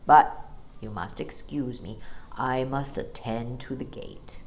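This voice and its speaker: A woman voicing a gentle male bear who keeps a zoo gate, speaking slowly and mildly reproachful. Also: big pitch swings, vocal fry, slight background noise, exaggerated voice. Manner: slow, low, mildly reproachful.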